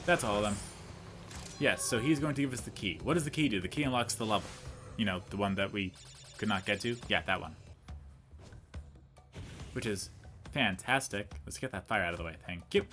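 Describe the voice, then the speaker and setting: A man's voice: lowish voice, lively intonation, a little fast, pauses often, a bit bright, faint music behind. A young man giving casual let's play commentary, rambling through a story and talking to the game as he plays. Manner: rambling storyteller, chatty and self-mocking, talks to the game.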